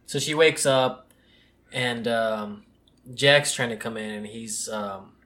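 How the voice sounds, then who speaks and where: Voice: medium pitch, takes it slowly, a bit bright. A speaker in casual chat, laid-back, retelling a movie plot with casual swearing.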